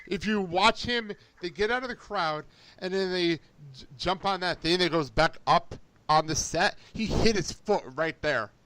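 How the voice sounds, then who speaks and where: A young man hosting a casual podcast chat, excitable and quick to laugh as he tells stories. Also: sits high, no echo. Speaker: podcast host.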